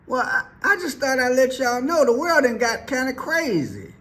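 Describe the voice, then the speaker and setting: A man's voice: very high voice, very animated, normal speed, few pauses, a bit bright. A man giving casual, joking commentary, folksy and talking straight to his viewers. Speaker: commentary vlogger.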